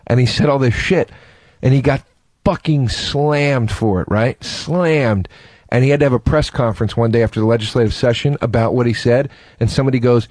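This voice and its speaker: A man's voice: medium pitch, moderate pace, darkish tone, no room sound. A man as a guest on a podcast, telling rambling, emphatic stories with a lot of swearing. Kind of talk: casual storytelling chat.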